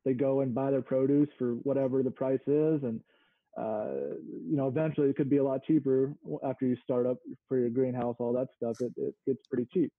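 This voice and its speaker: Over a dry, phone-like recording, a mid-range male voice with fairly even intonation talks a little fast. He's a Mississippi small farmer relaxing into a casual interview chat, fishing for words as he speaks.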